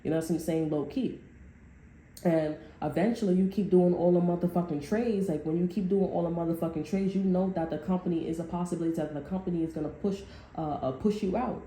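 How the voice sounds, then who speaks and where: A woman with a low, very dark and mellow voice, rambling and swearing emphatically as she gives a casual tarot reading. She sounds like she is in an echoey room, with a faint hiss of noise behind her. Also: a little fast. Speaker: tarot reader. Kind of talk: casual unscripted tarot monologue.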